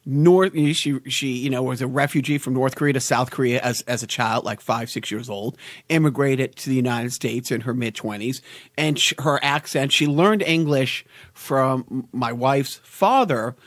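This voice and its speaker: A man's voice: medium pitch, normal speed, no room sound. A middle-aged man co-hosting a podcast, telling stories in a rambling way with stammers and repeated words. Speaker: podcast co-host. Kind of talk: casual chat.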